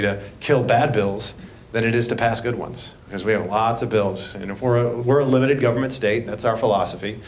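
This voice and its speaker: A man, a state representative giving a folksy, joking speech at a public meeting. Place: school board meeting room. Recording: echoey room, faint rumble.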